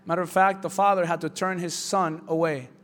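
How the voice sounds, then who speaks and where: A male pastor preaching a sermon with passion, swinging from hushed lines to shouts. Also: sits high, steady tone, brisk.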